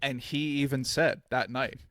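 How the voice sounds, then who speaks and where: A man's voice: medium pitch, fairly even intonation, moderate pace, a bit bright, dry recording, studio quality. A man co-hosting a podcast, telling stories in a rambling, casual way with lots of filler words. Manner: rambling storyteller, full of "like". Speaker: podcast co-host. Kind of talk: casual chat.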